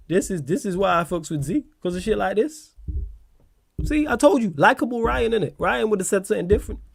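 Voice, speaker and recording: A man's voice: mid-range voice, gravelly, a little mellow. A man hosting a casual livestream chat, laughing a lot, swearing and using slang while answering viewer questions.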